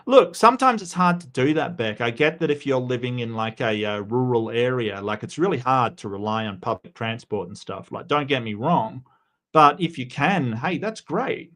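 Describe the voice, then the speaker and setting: A man's voice: medium pitch, expressive, moderate pace, fairly bright tone. Chatty Australian man hosting a stream. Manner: chatty, frequent restarts and fillers, greets viewers by name. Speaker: livestream host. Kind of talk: casual livestream commentary.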